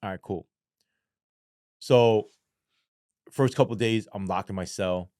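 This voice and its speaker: Profane New man, low dry voice. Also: measured pace, no echo. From New York. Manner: profane and animated, keeps asking "right?". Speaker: guest. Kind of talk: casual storytelling.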